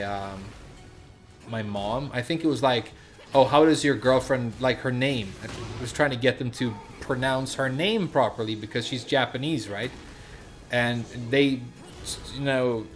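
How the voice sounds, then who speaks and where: A man's voice: medium pitch, slight background noise. A man chatting casually on a stream, rambling with lots of fillers and restarts, with a slight S-sound impediment.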